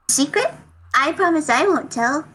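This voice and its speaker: A woman voicing a shy young half-toon in a role-play, talking haltingly with many ums. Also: high-pitched, pushed and bright, heavily acted, rough recording. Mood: eager.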